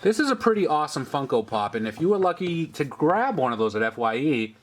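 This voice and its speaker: A man's voice: a little high, sing-song, a little fast. A man hosting a casual toy review, chatting upbeat as he points out details on each figure. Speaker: host of a toy review channel.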